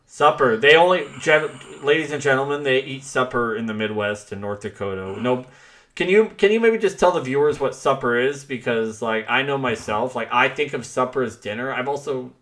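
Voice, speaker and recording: Male co-host, bright, sharp-edged voice, casual and filler-heavy, easily amazed. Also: mid-range voice, lively intonation, moderate pace. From Washington State, US. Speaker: podcast co-host. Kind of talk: casual chat.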